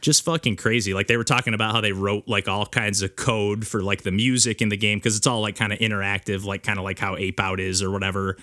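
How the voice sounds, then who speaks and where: A man's voice: fairly low pitch, fairly even intonation, fast, few pauses, bright, forceful tone, no room sound, clean studio sound. A man hosting a casual podcast chat, telling stories animatedly with lots of filler words. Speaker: podcast host and streamer.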